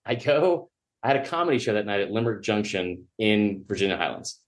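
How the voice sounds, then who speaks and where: On a podcast, a guest from the sports media world, a man speaking a little fast, relates a long, casual anecdote. Animated and full of jokes and curses, he mimics the quoted characters by leaping up and down in pitch.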